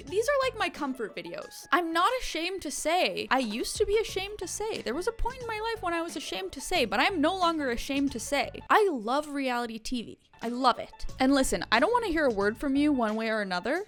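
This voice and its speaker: A woman YouTuber giving casual, playful commentary as she reacts to a reality show with her viewers. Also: high-pitched. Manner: chatty, playful, teasing.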